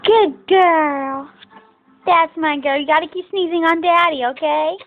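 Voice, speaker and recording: Woman, mother, playful baby talk, very high pitch, slow, tinny lo-fi home video. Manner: playful, cooing, laughing.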